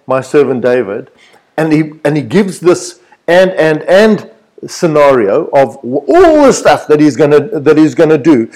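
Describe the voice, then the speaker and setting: A man preaching a sermon, reading scripture aloud and retelling it in lively paraphrase with repeated words and restarts. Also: a little high, low-quality recording. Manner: animated, repeats words, paraphrases God's voice in his own words.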